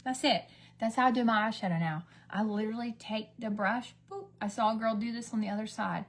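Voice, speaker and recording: A beauty vlogger chats casually through a get-ready-with-me livestream while doing her makeup, her voice fairly high and her pace a touch quick. She rambles and drifts from one story to the next, now and then dropping to a whisper.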